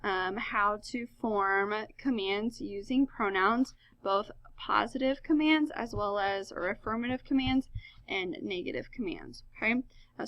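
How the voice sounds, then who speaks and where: A woman walks students through a recorded lesson, upbeat and chatty, posing questions and answering them herself. Her voice sits a bit high and sounds very bright. The recording is close and dry. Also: dry recording. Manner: upbeat, asks and answers her own questions, many ums. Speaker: high school Spanish teacher.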